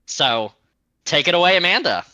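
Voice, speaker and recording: A man acting as game master of a tabletop role-playing game, explaining the rules in a relaxed way. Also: high-pitched, moderate pace, no echo, muffled recording. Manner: relaxed, explanatory, laughs easily.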